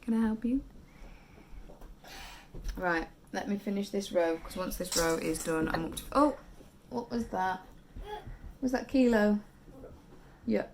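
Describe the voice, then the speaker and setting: A British woman in her thirties talks casually into a handheld camera, tired and chatty. Her voice has a gravelly, fry-tinged edge, and she keeps slipping into hushed, whispered asides. A faint hum of noise sits under her. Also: mid-range voice, unhurried, long pauses. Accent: British English. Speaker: vlogger and mother. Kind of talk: casual vlog chat.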